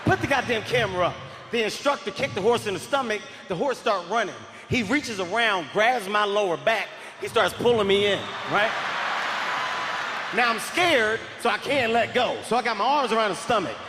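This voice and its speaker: A man in his forties doing stand-up comedy, telling a story in an animated, often shouting, profane way on stage at a large live venue. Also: high voice, moderate pace, background noise. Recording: echoey hall with crowd ambience.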